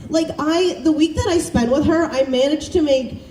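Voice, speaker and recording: A young woman from the South works a student stand-up crowd, high-voiced and animated as she pokes fun at her family. The recording is roomy and distant, with the stage sound carrying and a faint murmur of the room beneath. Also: normal speed. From American South. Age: young adult. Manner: self-deprecating, chatty, animated storytelling. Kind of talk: stand-up comedy set. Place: campus showcase stage.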